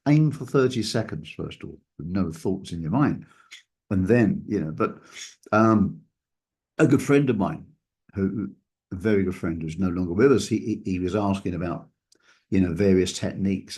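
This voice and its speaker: A man's voice: lowish voice, darkish tone, breathy edge. A man who coaches mindfulness and hypnotherapy, talking reflectively and often repeating words. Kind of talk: casual conversation.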